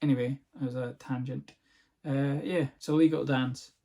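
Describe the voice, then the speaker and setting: A man talks through a casual comic podcast monologue, rambling from one tangent to the next with a sarcastic edge. His voice has a gravelly texture at a middle pitch. He swears freely and keeps a loose, joking tone. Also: steady tone, moderate pace, mellow. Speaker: podcast host.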